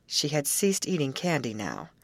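A woman narrating an audiobook in an even, measured reading. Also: very deep voice, no room sound. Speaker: audiobook reader.

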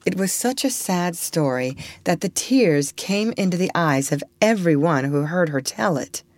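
A woman reads a classic children's story aloud in a clear voice. Her pitch sits a little low but moves a lot, and the recording is close and dry. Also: measured pace, no echo. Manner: clear, lively reading voice.

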